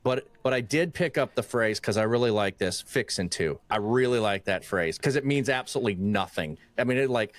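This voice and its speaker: A man from Michigan hosting a casual podcast conversation, animated and acting out quoted voices as he talks, often restarting phrases. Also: fairly low pitch, fairly quick, few pauses, dry recording. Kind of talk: casual chat.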